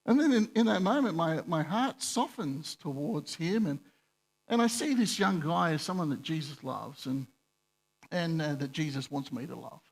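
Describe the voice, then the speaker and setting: A man's voice: fairly high pitch, moderate pace, vocal fry. A male pastor, telling a personal story in a conversational, self-deprecating sermon. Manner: conversational, self-deprecating, animated when retelling dialogue.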